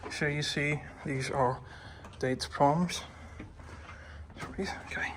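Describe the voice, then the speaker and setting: A man's voice: on the high side, slow, a little hiss or hum. Man vlogging a fort tour on his phone. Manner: relaxed, hesitant with many uh fillers, addresses viewers. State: breathing heavily while climbing. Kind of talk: casual walking tour narration. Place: old fort, indoors and out. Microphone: handheld phone.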